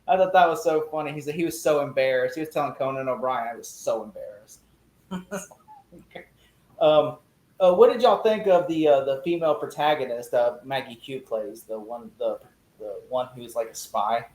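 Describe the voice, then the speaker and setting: Man, podcast guest, casual chat, animated storytelling, mock voices for quotes, mid-range voice, echoey room. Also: medium pitch, normal speed.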